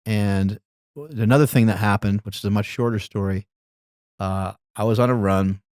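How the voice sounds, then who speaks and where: Middle-aged man, low voice, casual rambling storyteller, dry close mic. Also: moderate pace, smooth, no room sound. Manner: relaxed, rambling, laughs while telling stories. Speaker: podcast guest.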